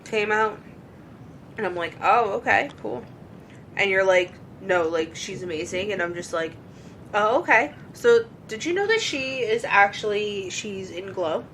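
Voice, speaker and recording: A woman's voice: mid-range voice, animated, moderate pace, fairly bright tone, slight background noise, rough recording. A woman co-hosting a casual podcast chat, teasing her partner and giving blunt opinions. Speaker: podcast co-host.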